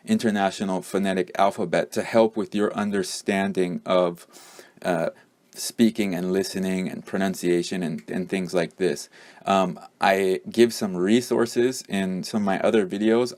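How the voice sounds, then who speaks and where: A man's voice: sits low, a little mellow. A man teaching a pronunciation lesson, explaining patiently with many fillers. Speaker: English teacher.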